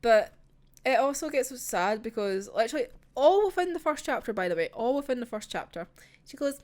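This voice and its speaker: A young Scottish woman chatting casually about a manga in an animated, gushing way, swearing freely. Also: a little high, a little fast. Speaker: manga reviewer. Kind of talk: casual chat.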